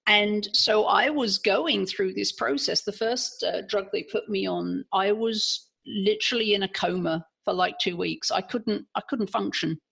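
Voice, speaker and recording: English woman guest, gravelly, husky, earnest self-analyzer, restarts a lot. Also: mid-range voice, a little slow, hardly any pauses, fairly bright tone. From England. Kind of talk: candid personal storytelling.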